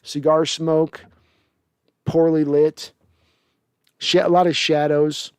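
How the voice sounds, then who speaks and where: A man's voice: on the high side, flat delivery, slow, darkish tone, smooth, no echo, clean studio sound. Exasperated, rambling male sports podcast host. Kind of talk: casual post-game reaction livestream.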